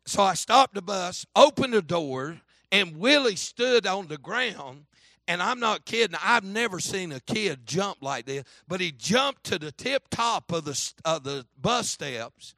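A man pastor in the middle of a storytelling sermon, pitched a bit high with a bright, forceful voice. He acts out each character and keeps checking in with "amen?". The sound is close and dry. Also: expressive, a little slow, no echo. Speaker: Baptist pastor.

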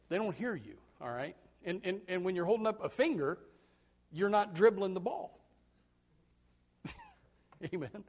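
A man preaching a sermon in a folksy, joking way, dropping to quiet asides and then breaking into loud shouted bursts, often repeating words as he starts a thought. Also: high-pitched, expressive, moderate pace, pauses often. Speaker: pastor.

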